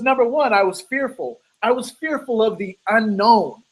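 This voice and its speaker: A man with a voice that sits high shares a personal story as a motivational speaker, speaking earnestly and performing the quoted lines. The online video call comes through as a rough recording.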